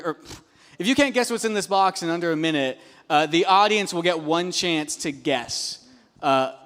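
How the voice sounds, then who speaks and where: A man with a high voice, working as a youth pastor, hosts church announcements in a joking, rambling way full of fillers and restarts. He speaks into a handheld microphone in a church auditorium. The hall's long reverb trails after every line. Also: a bit bright. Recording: long reverb of a large hall.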